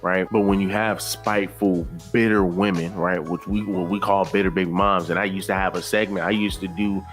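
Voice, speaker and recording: Man, commentary host, lowish voice, relaxed, conversational, faint music behind. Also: brisk, few pauses. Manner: relaxed, conversational, repeats words for emphasis. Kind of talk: casual commentary.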